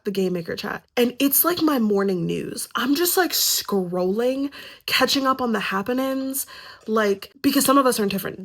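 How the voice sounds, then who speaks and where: A woman's voice: medium pitch, vocal fry. A young woman vlogging about books in a casual, rambling, self-mocking way, short on sleep. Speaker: book vlogger. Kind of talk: casual vlog chat.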